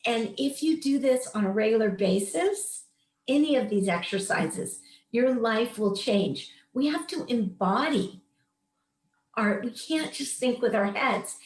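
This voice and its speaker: A woman in her late fifties, working as a wellness coach leading a meditation session, shares an inspirational personal story with earnest emphasis. Her slightly high voice is animated yet measured in pace, and the room gives off a noticeable echo.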